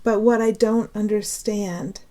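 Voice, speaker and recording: A woman's voice: medium pitch, a little slow. A woman giving an unscripted spiritual talk, emotional and earnest, laughing often between phrases as she teaches. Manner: pleading, then calming herself down.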